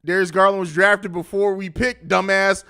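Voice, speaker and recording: A man's voice: high voice, level tone, moderate pace, sharp tone, clean tone. An American man hosting a casual post-game live stream, profane and slangy, who laughs a lot as he talks.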